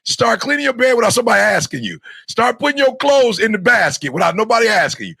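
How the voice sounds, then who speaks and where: A man's voice: extremely high pitch, very animated, fast talker, vocal fry, pushed and bright, husky, no echo, clean studio sound. A middle-aged man giving an emphatic, repetitive motivational talk to young students, like a preacher. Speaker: motivational speaker.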